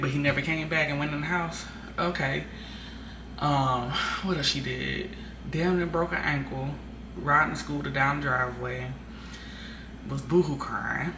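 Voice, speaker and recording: A woman's voice: deep voice, vocal fry. Chatty woman vlogger, roomy far-off sound. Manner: chatty, venting with frequent fillers. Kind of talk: casual chat. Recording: roomy distant mic with background noise.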